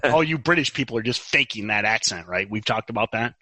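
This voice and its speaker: Older guy on a podcast, bright lively voice, jokey, dry close sound. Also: on the low side, a little fast, dry recording, poor audio. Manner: animated, teasing, joking. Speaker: podcast co-host. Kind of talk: casual chat.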